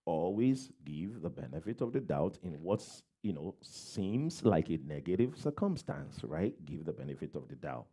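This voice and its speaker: Low-voiced guy preaching, very dark mellow tone, keeps repeating his points. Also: big pitch swings, moderate pace, hardly any pauses. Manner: plain advice with acted-out everyday quotes; repeats key phrases. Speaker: pastor. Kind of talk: sermon.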